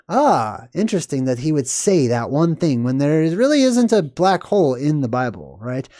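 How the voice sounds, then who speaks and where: A man's voice: a little high, very animated, moderate pace, hardly any pauses, dark tone, dry recording, clean studio sound. A man giving casual, rambling movie commentary in a conspiratorial way, often ending points with "right?".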